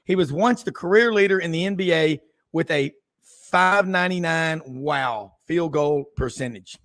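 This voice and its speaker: A man hosting a sports radio talk show, folksy and excitable, exclaiming often in casual chat. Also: fairly high pitch, moderate pace.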